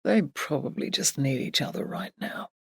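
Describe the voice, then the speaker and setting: A woman reading a storybook, voicing a shaken but steady young male farmer who speaks quietly and subdued. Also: sits low, a little slow, no echo, clean studio sound, exaggerated voice. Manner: quiet, subdued, sometimes breathy.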